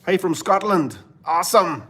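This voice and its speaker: A man's voice: high voice, moderate pace, husky. Preachy Canadian man on a livestream. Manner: preachy, swings from fervent to hushed murmur. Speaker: livestream host. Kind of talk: religious livestream commentary.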